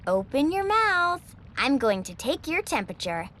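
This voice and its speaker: Woman voicing a brave, cheerful little girl for a storybook, high and bouncy, kindly bossy. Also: sing-song, normal speed, a little hiss or hum. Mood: eager. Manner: bright, eager, bossy-kind. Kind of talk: storybook character voice.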